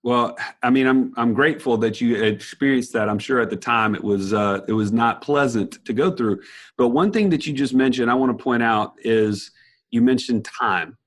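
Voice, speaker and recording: A man's voice: medium pitch, moderate pace. A man hosting a podcast interview, encouraging and drawing out his guest's point. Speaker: podcast host. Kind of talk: casual interview.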